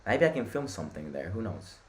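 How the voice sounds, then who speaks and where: A young Italian man hosting a live football watchalong, chatting with viewers and reacting loudly to the play. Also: low-pitched, big pitch swings, fast talker, slight background noise. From Italy. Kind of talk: live match watchalong commentary.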